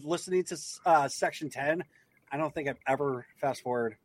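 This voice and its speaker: Higher-voiced male podcast host. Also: moderate pace. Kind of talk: casual podcast chat.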